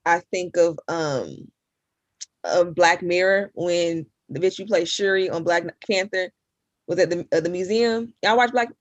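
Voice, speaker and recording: Blunt, low-voiced woman podcast host. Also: unhurried, no echo, muffled recording. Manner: blunt and joking, with crude slang. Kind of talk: casual comedy podcast chat.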